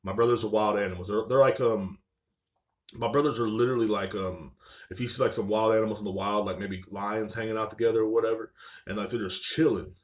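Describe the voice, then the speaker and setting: Rambling, profane young man, low voice. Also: fairly even intonation, fast. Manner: rambling, profane, filler-heavy with "like" and "you know what I'm saying". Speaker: podcast host. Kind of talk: casual solo podcast storytelling.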